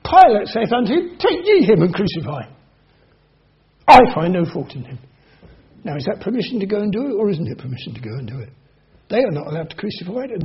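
Husky high-voiced male preacher, lo-fi. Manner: reads scripture aloud then explains it, swinging between soft and emphatic. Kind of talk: expository sermon on scripture.

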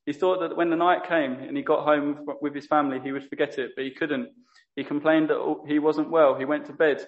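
A man's voice: a little high, fairly even intonation, a little fast, highs cut off. A man preaching a sermon in an earnest manner, often stopping to correct himself. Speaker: lay preacher.

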